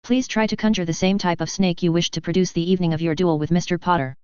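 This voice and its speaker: A wise, very old wizard headmaster in a storybook reading, as a woman narrator puts him on. He speaks in a measured, courteous way, with a clear voice pitched a little low. The recording sounds a bit dull. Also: darkish tone, no room sound, lightly acted.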